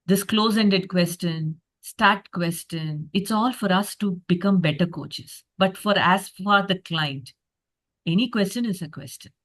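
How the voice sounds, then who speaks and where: A woman's voice: lowish voice, unhurried, a bit bright. A woman presenting a reflective coaching masterclass on a video call, talking with frequent fillers and acting out a coach's inner thoughts. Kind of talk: online masterclass talk.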